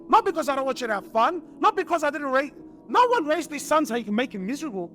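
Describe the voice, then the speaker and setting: A man's voice: very high-pitched, big pitch swings, quick pace, pushed and bright. A middle-aged man giving an impassioned sermon to a live audience, firing rhetorical questions and calling listeners brother. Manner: passionate, addresses crowd as brother, rhetorical questions. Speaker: preacher. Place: lecture hall before an audience.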